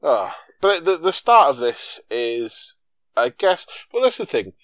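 A man's voice: a little high, very animated, unhurried, fairly bright tone, no echo. Sarcastic man, dry close sound. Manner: sarcastic and jokey, swears freely. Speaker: podcast co-host. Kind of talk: casual film-review chat.

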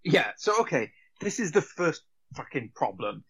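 A man's voice: a little high, big pitch swings, moderate pace, a bit bright, husky. A man co-hosting a casual film-review chat, hesitant, full of fillers and restarts, swearing casually. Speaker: podcast co-host.

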